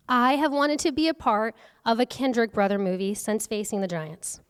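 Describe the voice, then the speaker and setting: A young woman speaks earnestly to a workshop audience in a somewhat high voice, chatting and asking questions as she goes. Her voice rings out with a long reverb from the hall around her. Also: clean tone. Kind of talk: faith-based workshop talk. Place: event hall.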